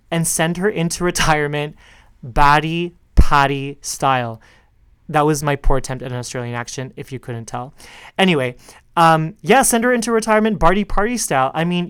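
A man's voice: fairly high pitch, clean tone, no room sound. A man hosting a tennis podcast on his own, chatting in a sassy, playful way. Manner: sassy, chatty, calls listeners girl. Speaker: podcast host. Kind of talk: casual solo tennis podcast chat.

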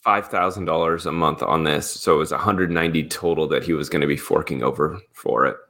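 A man co-hosting a celebrity gossip podcast, relaxed as he recaps news stories with fillers. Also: rumbling low, a little fast. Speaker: podcast co-host. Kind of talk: casual celebrity news rundown.

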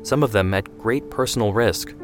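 Man as a mild older brother, calm, slow, low voice. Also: over music, natural voice.

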